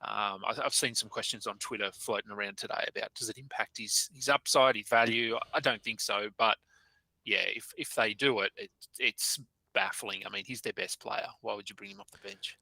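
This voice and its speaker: A man's voice: on the low side, moderate pace, vocal fry, sharp tone, no room sound, rough recording. A man co-hosting a live stream in casual chat, hesitant and full of restarts. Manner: hesitant, many fillers and restarts. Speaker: podcast co-host.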